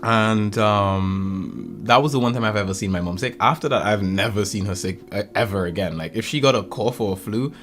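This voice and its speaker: A young man hosting a podcast, telling stories in a rambling, animated way. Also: on the low side, a little fast, few pauses, faint music behind. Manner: rambling, animated storytelling with laughs. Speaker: podcast host. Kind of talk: casual chat.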